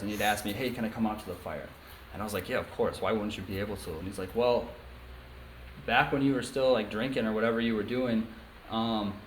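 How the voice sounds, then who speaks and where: A young man giving a candid personal testimony at a recovery meeting, telling his story with lots of ums and likes. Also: lowish voice. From upstate New York. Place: meeting room. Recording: echoey room with faint hiss.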